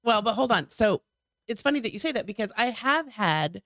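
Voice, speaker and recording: A woman co-hosting a casual podcast, chatty and quick to jump in. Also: fairly high pitch, expressive, fairly bright tone, no room sound, clean studio sound. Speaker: podcast co-host. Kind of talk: casual chat.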